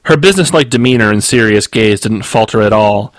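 A man, the author, reading his novel aloud in steady, measured audiobook narration. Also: fairly low pitch, no room sound.

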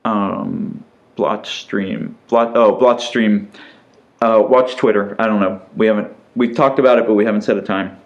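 Low-voiced man rambling on a podcast. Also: a little slow, gravelly, lo-fi sound. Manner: relaxed, rambling with fillers and restarts. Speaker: podcast co-host. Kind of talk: casual chat.

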